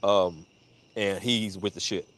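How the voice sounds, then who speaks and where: Man, casual storytelling, low voice, profane, animated quoting. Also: slow. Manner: profane, animated retelling with high-pitched voices for quoted people. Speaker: storyteller on a live audio chat.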